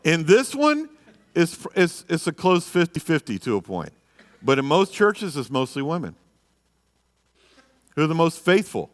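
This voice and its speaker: Emphatic pastor, echoey hall. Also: male voice, on the high side, big pitch swings, a little slow, long pauses. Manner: emphatic, rhetorical questions. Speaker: pastor teaching a marriage class. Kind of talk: church lesson. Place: church hall. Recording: live church room with reverb.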